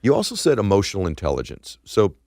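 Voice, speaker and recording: A middle-aged American man hosting an interview, eager and quick to restart his questions, fond of catchy sayings. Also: lowish voice, huge pitch swings, vocal fry, darkish tone, no room sound, clean studio sound. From United States. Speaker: podcast host. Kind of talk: interview conversation.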